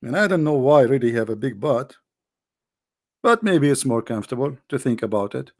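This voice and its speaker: A man's voice: medium pitch, expressive, a little fast. A man hosting a live call-in debate show, mocking and stammering often as he talks.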